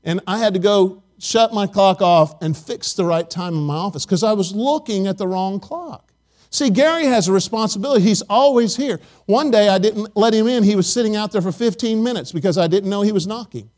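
High-voiced pastor preaching a chatty sermon. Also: male voice, fairly quick, darkish tone. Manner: chatty storytelling, asks the congregation for amens. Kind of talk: conversational sermon. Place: church sanctuary.

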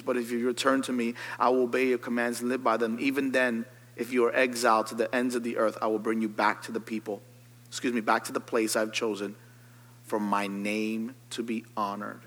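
A man, a pastor, preaching a sermon, reading scripture and rising to loud, high, fervent calls. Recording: long hall reverb.

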